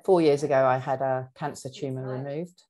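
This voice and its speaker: Woman, middle-aged, low voice, talking about her own life, lots of ums. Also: steady tone, dark tone, rough recording. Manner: halting, frequent ums, candid. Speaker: guest sharing her story. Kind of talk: personal storytelling in conversation.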